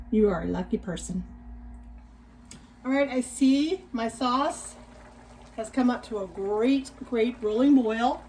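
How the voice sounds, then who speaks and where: A woman in her sixties hosts a casual cooking demonstration in her home kitchen, talking straight to viewers and offering gentle cautions. Her voice is fairly high, and the audio quality is poor.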